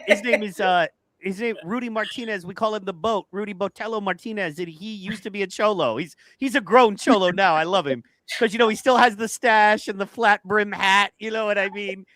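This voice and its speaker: Male podcast co-host, earnest and heartfelt, bright edgy tone, dry close sound. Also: sits high, brisk, no echo. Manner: earnest, heartfelt, repeats himself. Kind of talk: casual chat.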